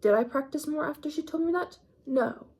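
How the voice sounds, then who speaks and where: A woman's voice: high voice, brisk, a little mellow. Slangy eighteen-year-old woman rambling casually. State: mildly sick, coughing up phlegm. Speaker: vlogger. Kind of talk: casual chatty vlog.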